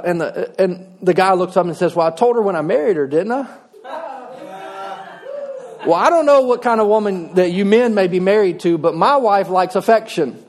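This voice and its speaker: A man's voice: high voice, darkish tone. A middle-aged man, preaching a sermon in a folksy, conversational way with touches of humor. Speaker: pastor.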